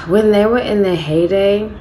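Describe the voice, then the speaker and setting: Thirtyish woman, tarot reader, chatty and rambling monologue, mid pitch, faint noise in the background. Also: takes it slowly, poor audio. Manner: chatty, rambling, frequent self-corrections. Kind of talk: casual tarot reading monologue.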